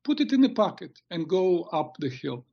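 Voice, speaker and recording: A man telling of a calm old shaman teacher. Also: high voice, moderate pace, gravelly, dull audio, voice pushed up, heavily acted. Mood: patient.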